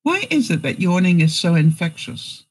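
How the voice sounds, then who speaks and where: A woman's voice: lowish voice, big pitch swings, normal speed, darkish tone, husky, low-quality recording. A woman hosting a casual live stream, reading out jokes and viewer comments and laughing often.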